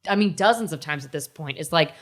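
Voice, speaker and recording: A woman's voice: low-pitched, animated, fast talker. A young woman co-hosting a podcast, telling candid stories in a chatty way. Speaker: podcast co-host. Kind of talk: casual chat.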